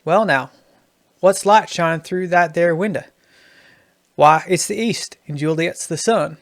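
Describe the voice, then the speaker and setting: Southern-drawl Juliet, folksy and gravelly, a man doing the voice. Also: fairly high pitch, measured pace, dry recording, clean studio sound. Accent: Southern US, put on.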